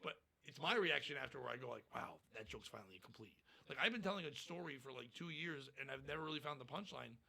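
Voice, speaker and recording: A man's voice: on the high side, fast talker, gravelly, hardly any pauses, pushed and bright. A man, a stand-up comedian, talking bluntly and profanely in a casual podcast interview.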